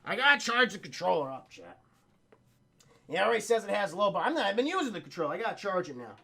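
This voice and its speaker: A young man streaming a casual, profane film recap to his chat, excitably acting out lines from the movie. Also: high-pitched, quick pace, vocal fry, slightly rough.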